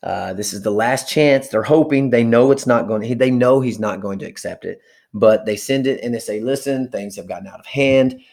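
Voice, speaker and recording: A man's voice: medium pitch, vocal fry, darkish tone. A man giving a casual history lecture, chatting and briefly acting out historical figures. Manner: chatty, acts out historical figures in quick asides. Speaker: history teacher.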